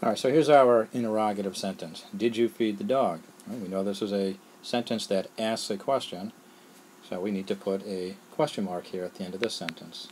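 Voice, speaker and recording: A man's voice: fairly low pitch, fairly quick, a little mellow, slight background noise, rough recording. A man teaching a lesson on a screencast, explaining step by step with patience and often asking "all right?".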